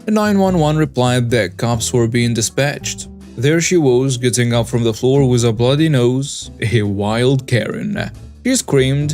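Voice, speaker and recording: Man reading stories over soft guitar. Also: mid-range voice, animated, measured pace. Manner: reads first-person stories aloud. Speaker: story narrator. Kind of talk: scripted story narration.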